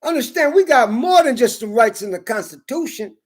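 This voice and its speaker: High-voiced man, fiery profane rant, pushes into shouting. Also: animated, a little fast. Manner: heated, swearing, rising into shouts. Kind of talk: profane ranting monologue.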